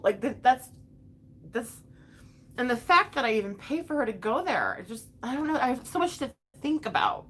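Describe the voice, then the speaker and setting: A young mother talks straight to her viewers, venting in an emotional, blunt way and cursing freely. Her voice swings widely in pitch as she works through her thoughts. A faint hiss of noise sits behind her. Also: a bit bright. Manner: emotional, frank, swears often, restarts sentences. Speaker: vlogger and mother. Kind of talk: casual venting to a live chat.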